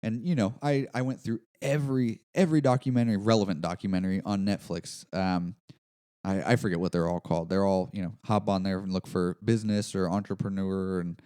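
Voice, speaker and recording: A man's voice: low-pitched, fairly even intonation, brisk, dark tone, smooth. A man hosting a business podcast, talking casually in a rambling, self-deprecating way with lots of fillers and restarts. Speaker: podcast host. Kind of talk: casual solo podcast monologue.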